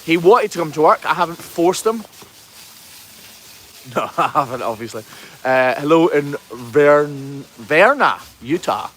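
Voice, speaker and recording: A man talks easily to his livestream viewers, reading their comments aloud and answering each one. His voice sits a little high for a man. A faint outdoor hiss runs under the recording. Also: lively intonation, measured pace, a bit bright. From Scotland. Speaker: hoof trimmer hosting a livestream. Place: outdoors on a farm.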